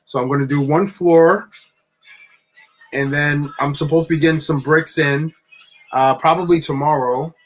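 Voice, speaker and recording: New Jersey guy, LEGO vlogger, higher voice, loose and chatty, faint music underneath. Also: moderate pace, pauses often, rough recording. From New Jersey, USA. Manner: chatty, animated, frequent fillers. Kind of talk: casual storytelling vlog.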